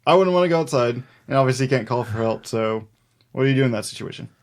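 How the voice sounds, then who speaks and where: A man's voice: mid-range voice, lively intonation, fast. A man co-hosting a folklore podcast in casual chat, rambling with many fillers and easy laughs. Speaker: podcast co-host.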